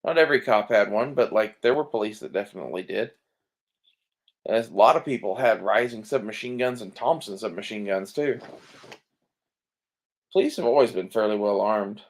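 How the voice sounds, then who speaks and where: Gravelly low-voiced man, laid-back ramble. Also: normal speed, pauses often. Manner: laid-back, swears often, trails off with fillers. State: sleepy. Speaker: gun vlogger browsing listings. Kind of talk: casual rambling commentary.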